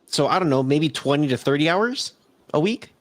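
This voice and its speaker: A laid-back man with a Southern Californian accent talks in a slightly high voice, rambling through a casual podcast chat. He laughs often and reads out viewer messages. The sound is close and dry, with no room echo. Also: lively intonation, moderate pace. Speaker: podcast co-host. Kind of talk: casual live-stream chat.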